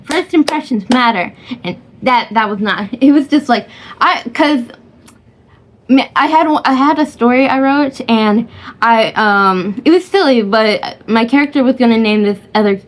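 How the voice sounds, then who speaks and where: A woman's voice: a little high, moderate pace. A woman rambling casually about a film she watched, hesitant and giggly, full of fillers and restarts. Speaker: vlogger reviewing a film.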